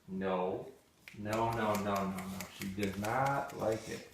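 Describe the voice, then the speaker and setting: A man's voice: lowish voice, fairly even intonation, takes it slowly. A man running a live dog training demonstration, giving short firm commands to his dog between explanations. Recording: distant mic, roomy echo, faint noise.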